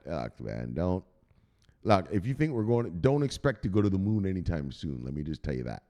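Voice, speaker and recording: A man hosting a crypto news channel, talking casually over a chart, swearing freely and mocking imagined viewers. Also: moderate pace. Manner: animated, swears freely, mocks imagined viewers in a high squeaky voice.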